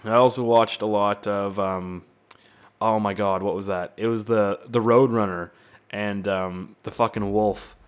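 A man giving casual, rambling gameplay commentary, excitable and swearing often. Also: lowish voice, unhurried, smooth. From Canada. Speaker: gaming YouTuber.

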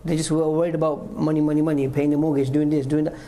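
A man's voice: a little high, little pitch movement, fast, warm tone, slight background noise, rough recording. A man giving a mosque talk, retelling stories and repeating points for emphasis. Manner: storytelling, acts out quotes, emphatic repetition. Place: mosque hall.

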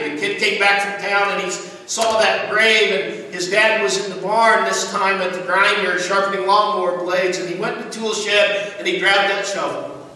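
High-voiced pastor in an echoey church. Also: male voice, pushed and bright, a little hiss or hum. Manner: storytelling, earnest. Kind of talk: sermon. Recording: echoey church hall from far off.

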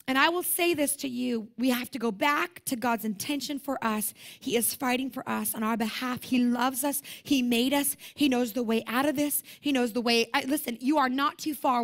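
A young woman preaching at a conference, emphatic and animated, with self-deprecating humor. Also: high voice, normal speed, hardly any pauses. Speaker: conference speaker. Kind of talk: sermon.

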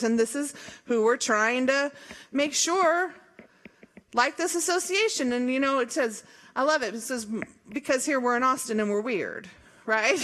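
A middle-aged woman from Missouri, an association leader giving an emphatic, jokey, conversational speech at a forum. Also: sits high. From Columbia, Missouri. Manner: lively, emphatic, jokey, with laughs and rhetorical questions.

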